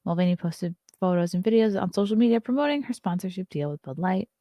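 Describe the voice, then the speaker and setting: A woman's voice: fairly low pitch, expressive, fast talker, dark tone, dry recording. A woman from Long Island with a Long Island accent, hosting a casual morning show, reading headlines aloud and riffing on them bluntly and sarcastically. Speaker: host. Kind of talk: casual morning livestream chat.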